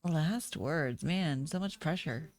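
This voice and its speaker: A woman's voice: low voice, expressive, slow pace. A tired, sleepy woman chatting casually on her husband's stream and laughing along. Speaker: streamer's wife. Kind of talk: casual chat.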